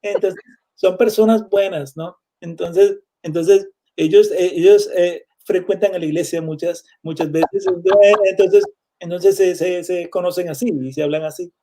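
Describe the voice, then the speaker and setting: A man's voice: high-pitched, a little fast, hardly any pauses, warm tone, voice pushed up. A man imitating a polite, formal churchgoing family friend with stiff, courteous speech.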